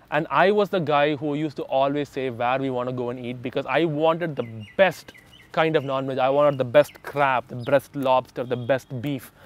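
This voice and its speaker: A young man telling a personal story in a casual, emphatic way, often acting out the voices of others. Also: mid-range voice. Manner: animated, emphatic, acts out quoted voices. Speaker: vlogger telling his story.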